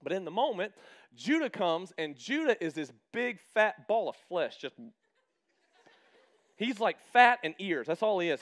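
High-voiced joking male pastor. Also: sing-song, measured pace, a bit bright. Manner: chatty and humorous, acting out quoted exchanges. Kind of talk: casual storytelling sermon.

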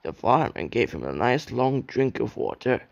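Male narrator, young adult, amateur storybook reading, gravelly, dry close sound. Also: mid-range voice, very animated, moderate pace, no echo, lo-fi sound. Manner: reads aloud with occasional slips and restarts.

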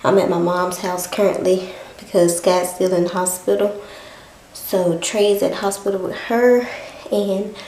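A pregnant vlogger chats to camera from a bedroom in her mother's house, out of breath after a home workout and calling her viewers "y'all." Her mid-range voice is a little mellow, flat and measured. The echoey room adds a little hiss or hum to the poor audio.

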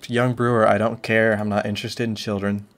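A young man streaming a video game, tossing off deadpan absurd jokes and mock complaints in casual commentary. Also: fairly low pitch, fairly quick, faint music behind.

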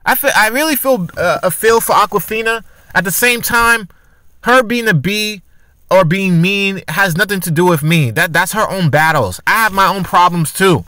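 High, bright-voiced man ranting. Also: normal speed, no room sound. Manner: argumentative, with rhetorical questions and frequent restarts. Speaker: commentary vlogger. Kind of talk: casual opinion commentary.

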